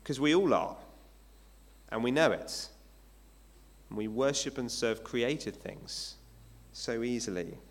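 A man's voice: medium pitch, lively intonation, takes it slowly, pauses often. A male pastor giving a sermon in a conversational way, asking his listeners rhetorical questions. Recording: long hall reverb.

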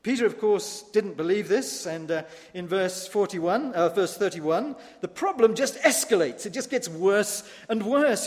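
A man, a pastor from the United Kingdom, preaching a sermon in a church, animated and emphatic with wry asides. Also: sits high, in a large hall.

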